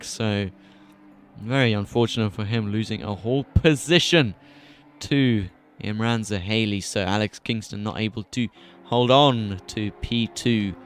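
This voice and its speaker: A man's voice: lowish voice, a little slow, a little hiss or hum. A British man commentating a live sim racing broadcast from a commentary box, calling the action with jokey asides. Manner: chatty, jokey asides between race calls. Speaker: esports race commentator.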